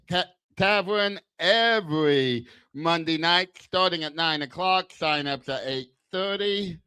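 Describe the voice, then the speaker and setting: A man's voice: a little high, pushed and bright, clean tone, dry recording. Older man with a lisp doing stand-up. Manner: self-deprecating punchlines with crude jokes. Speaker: stand-up comic. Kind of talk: stand-up set at an open mic. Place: small bar club. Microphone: handheld stage mic.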